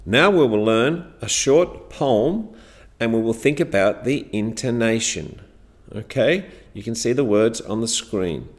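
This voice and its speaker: A man teaching a class, modelling phrases clearly for learners to repeat in a lesson on intonation. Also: medium pitch, lively intonation, a little slow. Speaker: English teacher.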